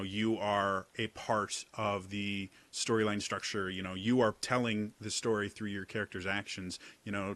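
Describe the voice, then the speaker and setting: A young man coaching tabletop role-players in a casual talk to camera, halting often with fillers and repeated words. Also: fairly low pitch, pushed and bright, no echo.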